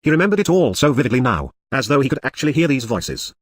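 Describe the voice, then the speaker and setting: A male audiobook narrator reads a literary novel at a fast clip. His voice is husky, and the recording is dry and close with no room sound. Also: mid-range voice, sing-song, no echo. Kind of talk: scripted narration.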